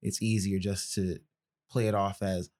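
Man, lowish voice, podcast guest, measured, deliberate, careful wording. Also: little pitch movement, darkish tone. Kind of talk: casual conversational podcast talk.

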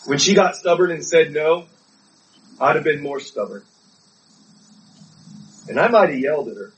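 A man's voice: a little high, animated, moderate pace, pauses often. Earnest preacher guy telling a story, a bit far from the mic. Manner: earnest storytelling, pleading at times. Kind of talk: sermon.

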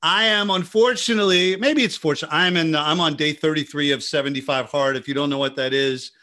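Man, podcast co-host, bright tone, slightly high voice, animated storyteller, casual chat. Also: a little fast. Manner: animated storyteller, many restarts.

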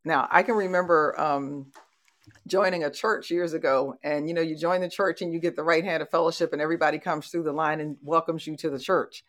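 A woman's voice: low voice, fairly even intonation, fairly quick, a bit bright. A middle-aged woman hosting a conversational motivational talk, telling stories and laughing easily. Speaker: host.

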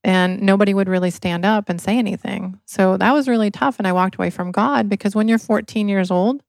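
A woman's voice: mid-range voice, steady tone, fairly quick, creaky, few pauses, darkish tone, dry recording. A woman from Michigan, an interview guest, telling her life story earnestly and with emotion. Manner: earnest, emotional, acts out quoted voices. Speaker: podcast guest, inventor.

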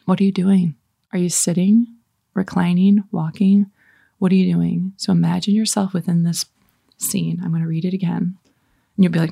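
A woman leading a guided scripture meditation. She reads slowly and softly, sometimes in a whisper, and talks between readings in a casual, chatty way. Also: fairly low pitch, flat delivery, gravelly, no room sound, clean studio sound. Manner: slow, soft reading with whispered passages. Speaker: prayer leader.

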